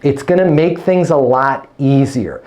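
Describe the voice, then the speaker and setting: Man, sales coach, blunt and emphatic, mid-pitched voice. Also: unhurried, darkish tone. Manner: emphatic, blunt, casual swearing. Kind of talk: coaching session.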